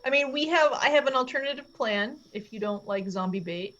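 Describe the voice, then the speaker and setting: A woman's voice: on the high side, animated, brisk, fairly bright tone. A woman playing a tabletop game, thinking aloud in a hesitant way. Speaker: player. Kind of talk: casual tabletop play. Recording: dull lo-fi mic.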